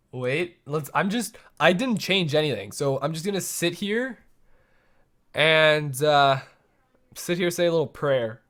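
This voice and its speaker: A man's voice: a little high, normal speed, a bit bright. A young man streaming a building game live, talking to himself in a rambling, playful way with little boop noises. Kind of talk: live gameplay commentary.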